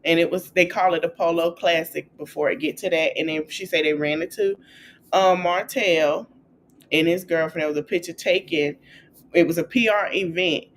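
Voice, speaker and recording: A woman hosting a podcast, recapping celebrity gossip in a chatty, animated way and acting out quotes in a high, playful voice. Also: moderate pace, a little hiss or hum. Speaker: podcast host.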